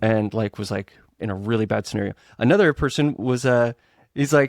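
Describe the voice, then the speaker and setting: A middle-aged man co-hosting a podcast in casual chat, telling stories and acting out quoted lines with big jumps in pitch. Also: brisk, creaky, dry recording, studio quality. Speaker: guest co-host, web developer.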